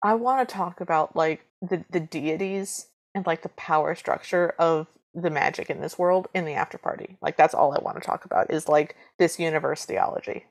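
A woman's voice: low-pitched, moderate pace, hardly any pauses. A young woman co-hosting a podcast, chatting casually and wryly about a film, reading from her notes and acting out quotes. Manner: wry, reads from her notes. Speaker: podcast co-host. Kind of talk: casual chat recapping a film.

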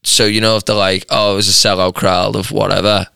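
Brief: young Australian male co-host, bright, close-miked, teasing banter. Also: on the low side, level tone, brisk, creaky, smooth, no room sound. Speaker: podcast co-host. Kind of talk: casual chat.

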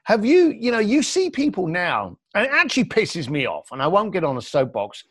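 In a podcast interview, a man with a high voice speaks a little fast, blunt and lively as he performs other people's quotes while storytelling. The audio is clean studio sound, with no room sound at all.

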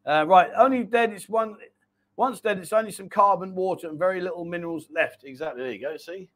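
A middle-aged man hosting a casual live chat show, talking in a rambling, animated storytelling way. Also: high voice, a little fast. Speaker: livestream host.

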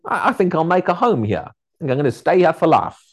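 A man's voice: on the high side, very animated, quick pace, pitched above the performer's own voice. Complacent male prophet, easygoing and chatty, put on by a preacher mid-sermon. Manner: casual, reasoning aloud. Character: stubborn comfortable male prophet, relaxed.

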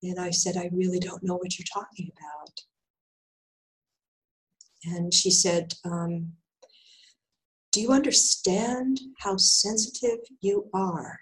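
An older woman, a guest who works as an intuitive healer, tells her story in conversation with lively energy, her pitch rising and dropping as she performs each exchange and voices the other people in it. She laughs throughout, speaks slowly with frequent pauses, and the audio quality is poor.

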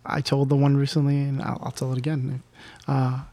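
A man who runs conventions telling a casual anecdote, animated and acting out what people said. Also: medium pitch, brisk. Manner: animated, acts out quoted voices. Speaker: convention organizer guest.

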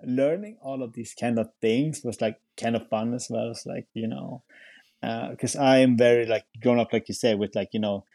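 A man's voice: medium pitch, steady tone, normal speed, mellow, dry recording. A young man speaking English as a podcast guest, rambling casually with many fillers and restarts. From Sweden. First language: Swedish. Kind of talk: casual chat.

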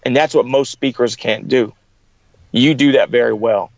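A man's voice: medium pitch, fairly even intonation, moderate pace, vocal fry, a little mellow, dry recording, lo-fi sound. A middle-aged man in an interview, telling stories with energy and acting out the people he quotes. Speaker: guest. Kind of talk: storytelling in an interview.

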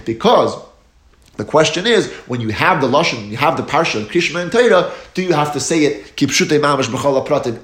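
A man giving a Talmud lecture, explaining each step in a steady teaching cadence and lifting his voice on key terms. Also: fairly high pitch. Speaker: Torah teacher. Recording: echoey room.

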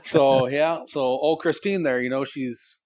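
A man's voice: medium pitch, fairly even intonation, measured pace, a little mellow. Rambling man telling stories on a call. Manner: rambling, self-deprecating storyteller, laughs often. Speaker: co-host. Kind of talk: casual phone-in podcast chat. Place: sitting in a parked car in a garage.

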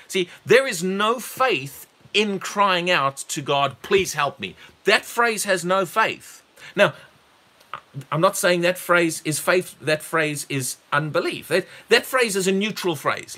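Male preacher, higher voice, lively swooping delivery, emphatic with quiet asides. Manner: emphatic, repeats words, rises sharply on key phrases; drops low and quiet for asides. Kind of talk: sermon.

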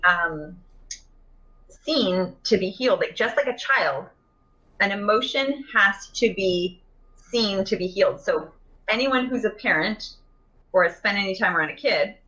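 A woman's voice: medium pitch, fairly bright tone, muffled recording. A woman in a casual conversation about emotional healing, chatty, with many fillers and restarts, speaking over a video call.

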